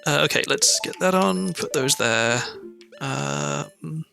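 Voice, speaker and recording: A man's voice: a little high, expressive, slow, creaky, over music. A young man from South Wales with a mild Welsh accent, chatting in a meandering, self-deprecating way while streaming a game. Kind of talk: casual gameplay commentary.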